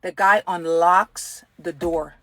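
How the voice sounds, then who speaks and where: A woman's voice: on the low side, fairly even intonation, slow, a bit bright, no room sound. A woman telling a personal testimony in earnest, speaking straight to her viewers as a ministry speaker.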